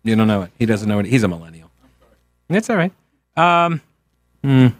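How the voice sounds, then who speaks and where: A man's voice: fairly low pitch, sing-song, moderate pace. An American man hosting a talk radio show, rambling and joking in a casual way. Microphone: studio microphone.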